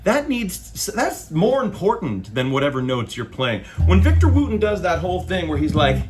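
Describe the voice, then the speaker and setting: Laid-back male bassist ranting to camera; slangy, profane, pitch jumping around, sits a bit high. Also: fairly quick, few pauses, loud music behind the voice. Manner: animated and loose, with slang and swearing. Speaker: bass player. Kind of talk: casual opinion monologue to camera.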